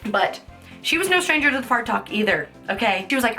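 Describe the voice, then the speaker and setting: A woman's voice: on the high side, big pitch swings, brisk, pushed and bright, faint music behind. A young adult woman vlogger telling embarrassing stories in a casual, chatty way, full of "like" fillers and swearing, often laughing. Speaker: beauty vlogger. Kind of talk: casual storytelling.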